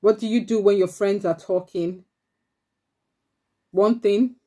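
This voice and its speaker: A woman's voice: mid-range voice, steady tone, slow, mellow. A woman teaching an online church class for preteens, encouraging them and repeating their answers back. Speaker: Sunday school teacher.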